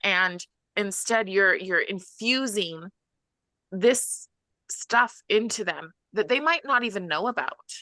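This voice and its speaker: A woman's voice: medium pitch, slow, pushed and bright, dry recording. A woman speaking as a podcast guest in casual discussion, earnest and often restarting her sentences.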